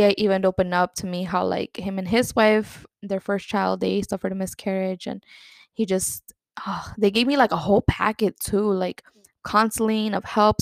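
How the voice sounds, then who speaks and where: Young woman, mid pitch with fry, tells a personal story candidly, rambling with filler words. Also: no echo. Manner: candid, rambling, heavy use of "like"; slips into Spanish words. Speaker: podcast host.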